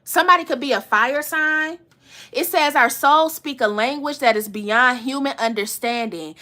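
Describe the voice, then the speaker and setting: A woman's voice: high-pitched, sharp tone. A woman giving a live tarot reading to her viewers, casual and slangy, swearing often and breaking into laughter. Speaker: tarot reader.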